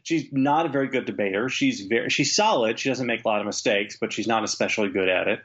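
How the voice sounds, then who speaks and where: A man's voice: on the low side, fast, a bit bright. Man on a lo-fi video call. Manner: candid, wry political analysis with frequent fillers. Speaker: guest writer. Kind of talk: remote podcast interview. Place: home, remote. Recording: dull lo-fi call audio.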